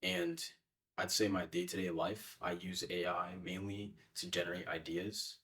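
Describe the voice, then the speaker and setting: A man's voice: deep voice, animated, a little slow, a bit bright, far from the mic. A young man answering interview questions in a casual, hesitant way with many fillers. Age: young adult.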